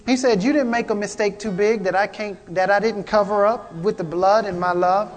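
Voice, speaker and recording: A man's voice: sits high, fairly even intonation, normal speed. A man preaching a prophetic sermon, fervent and repetitive, calling out to the congregation. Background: guitar music.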